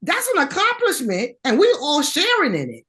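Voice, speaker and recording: A middle-aged woman co-hosting a chatty podcast, telling stories with lively acted-out quotes. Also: high voice, normal speed. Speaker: podcast co-host. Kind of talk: casual chat.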